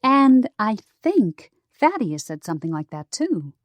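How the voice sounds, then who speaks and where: A woman's voice: medium pitch, sing-song, measured pace, no room sound, voice pushed up. A woman voicing a casual, offhand adult sister in an audiobook.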